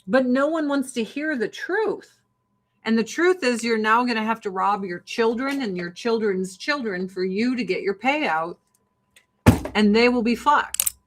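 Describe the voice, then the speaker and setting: A woman's voice: a little high, lively intonation, unhurried, a little hiss or hum. A woman in a casual political rant, blunt, sarcastic and often profane. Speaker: livestream host.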